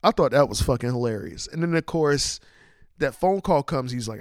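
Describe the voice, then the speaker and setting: A man's voice: mid-range voice, moderate pace, dry recording, studio quality. A man hosting a podcast, casually retelling a movie's plot and acting out the characters' lines. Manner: animated storyteller, acts out quotes. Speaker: podcast host. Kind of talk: casual film recap.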